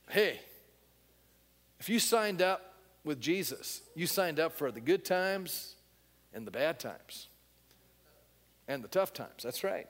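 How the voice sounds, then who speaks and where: Male pastor, fairly high voice, blunt conversational sermon, long hall reverb. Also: lively intonation, unhurried, pauses often. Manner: conversational, asks the congregation questions; emphatic and blunt.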